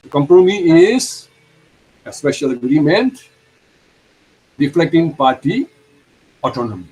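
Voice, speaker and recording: A man lecturing a university law class, explaining terms slowly, repeating them and putting questions to the students. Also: fairly high pitch, very animated, a little mellow, slight background noise, low-quality recording.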